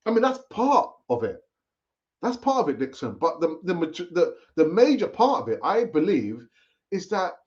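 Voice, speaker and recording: A man's voice: high-pitched, a little mellow. A man hosting a live football fan stream, chatting casually and repeating himself as he urges viewers to comment. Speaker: fan channel host. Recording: dull lo-fi stream audio.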